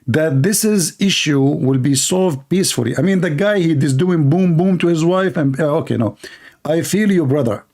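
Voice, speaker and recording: A man's voice: on the high side, moderate pace, a little mellow. A man giving mocking live-stream commentary while reading viewer comments aloud, sarcastic and teasing. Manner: sarcastic, teasing, laughs at his own jokes.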